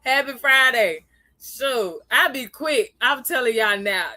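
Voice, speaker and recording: A woman hosts a casual livestream and speaks. Her voice is bright and sits a touch high. She greets her viewers by name as she chats and laughs easily. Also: animated, takes it slowly, no echo. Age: adult, parent of a young child. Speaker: livestream host.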